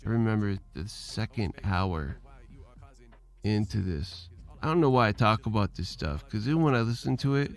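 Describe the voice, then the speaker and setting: A man hosting a solo podcast, rambling loosely with restarts, fillers and casual profanity. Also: lowish voice. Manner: meandering, trailing off, frequent restarts and fillers; loose, profane and self-deprecating. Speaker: podcast host.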